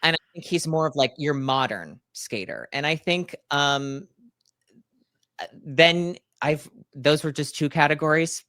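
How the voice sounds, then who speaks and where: A man in his thirties co-hosting a podcast, telling stories in an animated, playful way with acted-out asides. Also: a little high, measured pace, dry recording, clean studio sound. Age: 30s. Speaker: podcast co-host. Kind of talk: casual chat.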